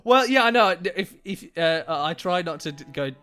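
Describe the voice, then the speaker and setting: A man's voice: high voice, expressive, moderate pace, bright, forceful tone, clean tone, soft background music. A man co-hosting a let's play, reading game text and chatting casually, laughing often and stumbling over words. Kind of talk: casual gameplay chat and narration.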